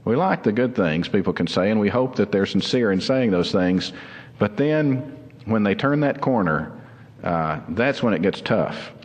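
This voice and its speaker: A man preaching a sermon as pastor, earnest and explanatory, slowing down to stress key words. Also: lowish voice, lively intonation, long reverb tail. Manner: earnest, explanatory, slows down for emphasis.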